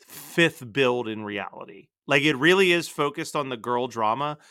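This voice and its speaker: A man co-hosting a podcast in casual pop culture chat, animated and full of "like" fillers. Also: mid-range voice, normal speed, no room sound, clean studio sound. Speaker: podcast co-host.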